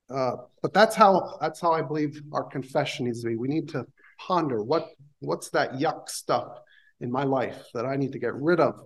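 A man preaching a sermon in a church, talking through scripture in a conversational way with pauses and restarts. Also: mid-range voice, poor audio. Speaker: pastor.

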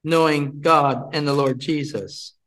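A man's voice: on the high side, fairly even intonation, slow pace, fairly bright tone, low-quality recording. A man leading a Bible study, teaching from scripture, repeating his points and putting questions to the group.

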